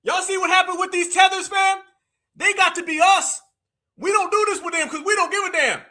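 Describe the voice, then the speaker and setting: Male stream host, very high voice with a sharp edge, mocking and preachy, breaks into shouts. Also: steady tone, brisk. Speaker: livestream host. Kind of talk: live commentary stream.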